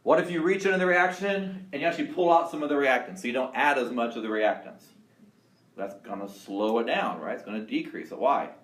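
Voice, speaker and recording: A man's voice: mid-range voice, a little fast, fairly bright tone. A man teaching a college chemistry class, upbeat and quizzing his students, with frequent restarts. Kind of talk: classroom lecture. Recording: roomy classroom sound, faint noise.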